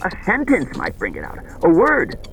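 A man's voice: high voice, wildly swooping pitch, normal speed, gravelly, fairly bright tone, faint music behind, voice pushed up, heavily acted, rough recording. A man voicing a tense, exhausted male detective at his limit, talking in a strained, raised and urgent way. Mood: desperate.

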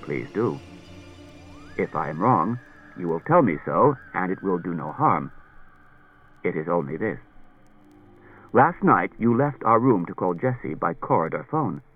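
A composed robot detective reasons quietly in a low, soft voice, as a male narrator puts him on. Every word is measured and even, with a slightly husky edge. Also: lo-fi sound, soft background music, exaggerated voice. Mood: calm.

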